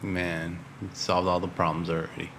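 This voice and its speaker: A man's voice: low voice, little pitch movement, vocal fry, a bit bright. A man co-hosting a podcast, chatting casually and laughing easily while asking questions. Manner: easygoing, quick to laugh. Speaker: podcast co-host. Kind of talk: casual commentary chat. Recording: faint background noise.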